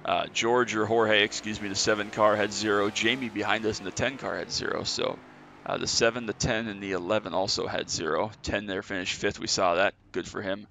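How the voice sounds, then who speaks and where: Man, deep voice, gravelly fry, bright edge, chatty sim racing commentary, slightly winded. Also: little pitch movement, a little fast, few pauses, a little hiss or hum. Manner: chatty, filler-heavy, self-correcting. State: out of breath. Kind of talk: casual post-race commentary.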